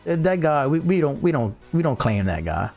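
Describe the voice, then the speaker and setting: Laid-back Cajun man with gravelly voice. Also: a little high, very animated, fairly quick, darkish tone, soft background music. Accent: Cajun Louisiana. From South Louisiana. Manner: laid-back, reads chat aloud, drawls "y'all". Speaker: livestream host. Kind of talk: casual livestream chat. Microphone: studio mic on a boom.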